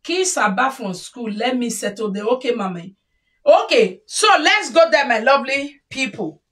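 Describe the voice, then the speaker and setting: Nigerian woman vlogger, high-pitched, talks straight to viewers in a scolding, advice-giving tone. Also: expressive, normal speed, a bit bright, recorded from a distance. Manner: lecturing, scolding, mixing pidgin. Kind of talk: casual advice monologue. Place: home.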